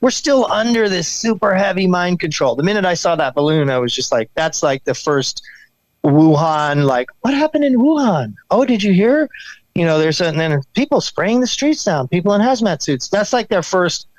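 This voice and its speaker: A man talking as a guest on a podcast, telling stories in a rambling, animated way and acting out the sounds and quotes in them. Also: a little high, moderate pace, no echo, highs cut off. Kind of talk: casual podcast conversation.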